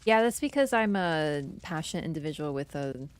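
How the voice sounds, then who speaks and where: A woman streaming a game, chatting casually with her viewers, teasing and jumping between excited bursts and low mutters. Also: a little fast, clean tone. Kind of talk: casual gameplay commentary.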